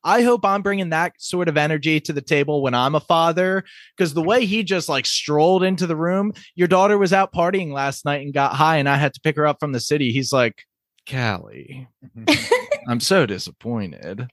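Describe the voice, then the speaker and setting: A young man co-hosting a casual TV recap podcast, talking in an excitable, jokey way with quick asides. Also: on the high side, no room sound, studio quality. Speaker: podcast co-host.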